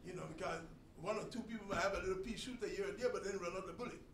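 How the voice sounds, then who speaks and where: A man teaching a sermon to a congregation, emphatic and swinging between loud and soft delivery. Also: high voice, rapid-fire. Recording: echoey room, distant mic, faint noise.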